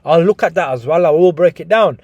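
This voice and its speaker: A man's voice: fairly high pitch, lively intonation, fairly quick, a little mellow, no echo, highs cut off. A young man giving a casual boxing breakdown, chatty and full of restarts, calling his viewers "guys". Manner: chatty, repeats "guys", frequent restarts and swearing. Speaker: boxing analyst.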